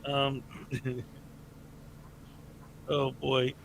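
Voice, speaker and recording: A man's voice: medium pitch, completely flat delivery, very slow, gravelly, a bit bright, a little hiss or hum, low-quality recording. A man hosting a casual livestream, chatty and laughing often as he thanks supporters and hypes viewers. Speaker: livestream host. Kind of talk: casual live chat reading donations.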